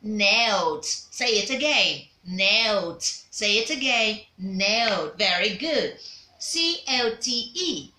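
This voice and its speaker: Woman teacher doing vowel drills, slow and bright, echoey room. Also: fairly high pitch, animated. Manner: drills learners with call-and-response prompts. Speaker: diction teacher. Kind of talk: phonics lesson to learners.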